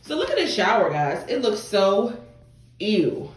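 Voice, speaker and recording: A woman's voice: medium pitch, big pitch swings, unhurried. A pregnant young woman, out of breath, chatting straight to her viewers in a casual clean-with-me vlog from her bathroom. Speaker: vlogger. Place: bathroom at home. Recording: echoey home room with faint noise.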